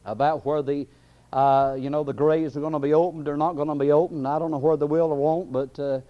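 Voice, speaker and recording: A man's voice: on the high side, little pitch movement, fairly quick. A man preaching a sermon, impassioned and building, with frequent fillers. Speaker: pastor. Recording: dull lo-fi recording.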